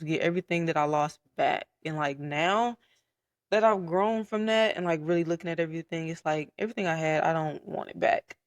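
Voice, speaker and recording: A young man telling his personal story in a casual podcast chat, candid and soft-spoken, with frequent fillers. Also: a little high, dry recording, clean studio sound. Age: young adult. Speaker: podcast guest.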